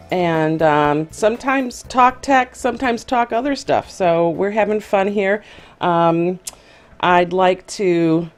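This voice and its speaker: A woman's voice: on the low side, darkish tone. A woman hosting a casual video chat show, talking in a chatty, hesitant way with many fillers. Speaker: host.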